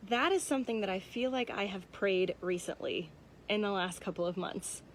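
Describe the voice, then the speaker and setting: A woman's voice: medium pitch, normal speed. Casual young woman giving a devotional. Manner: conversational, frequent "um" and "like", personal and candid. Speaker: church devotional speaker. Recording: faint background noise.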